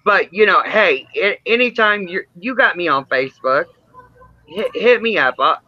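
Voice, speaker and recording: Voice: medium pitch, expressive, normal speed, no room sound, muffled recording. A man in casual chat, speaking in a soothing way and calling the other person honey. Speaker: chat participant.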